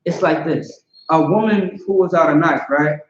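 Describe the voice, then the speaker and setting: A man's voice: on the high side, unhurried, a little hiss or hum. A man teaching an informal scripture class, talking conversationally and often asking "you know what I'm saying". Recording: roomy, dull lo-fi.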